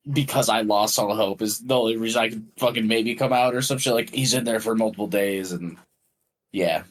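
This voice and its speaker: A man's voice: on the low side, a bit bright, poor audio. A man co-hosting a podcast, making dry, crude quips in casual chat. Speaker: podcast co-host.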